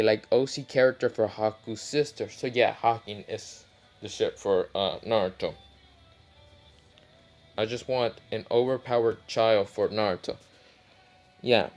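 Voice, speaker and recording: A man's voice: on the low side, unhurried, a little mellow, soft background music. A man casually retelling his own fan-fiction story, rambling with many fillers and side remarks.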